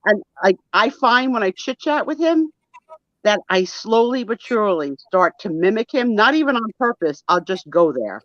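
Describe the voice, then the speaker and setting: A woman's voice: medium pitch, moderate pace, no echo. Lady hosting a live sale chat, teasing and playful, kinda muffled lo-fi sound. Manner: teasing, playful, animated banter. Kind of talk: casual live-stream chat.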